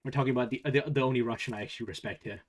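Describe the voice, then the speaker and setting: A man's voice: medium pitch, rapid-fire. A man livestreaming in casual chat, sarcastic and laughing as he argues with his viewers.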